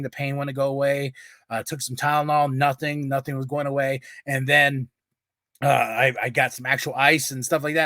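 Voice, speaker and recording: A man's voice: medium pitch, a bit bright, no echo. Rambling, profane podcast host man. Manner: profane, rambling, many restarts. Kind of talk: casual storytelling.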